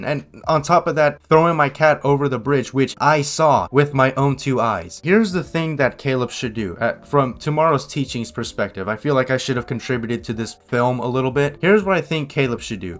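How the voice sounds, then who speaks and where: A man of middle pitch commenting on a clip in a sarcastic, rambling way. He keeps restarting his sentences as he goes. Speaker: reaction video host. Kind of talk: reaction commentary.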